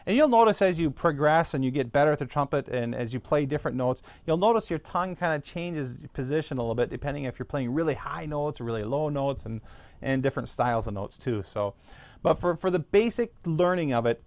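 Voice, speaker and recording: A man's voice: a little high, animated, a little fast, dry recording. A man teaching a beginner trumpet lesson, patiently walking through each step and sounding out practice syllables.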